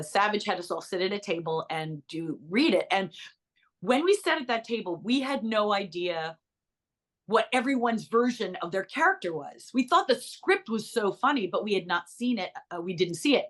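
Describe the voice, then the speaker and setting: A middle-aged woman, an actress and author, telling stories in a bubbly interview chat with quick asides. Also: medium pitch, animated.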